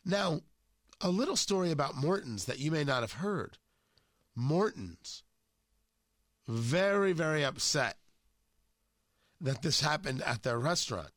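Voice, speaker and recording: A man's voice: fairly high pitch, very animated, unhurried, pauses often, fairly bright tone, dry recording, studio quality. A male talk show host with a cold and a sore throat, delivering an emphatic, mocking political monologue. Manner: emphatic, mocking, punchy phrasing.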